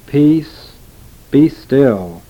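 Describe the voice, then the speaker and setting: A man voicing a calm male teacher with gentle authority, in a measured, solemn delivery. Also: mid-range voice, dull audio, lightly acted.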